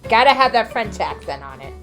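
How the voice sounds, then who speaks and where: A woman vlogger talking casually to camera, chatty and playful, laughing often and drifting into soft asides. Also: a little high, very animated, a little fast, faint music behind.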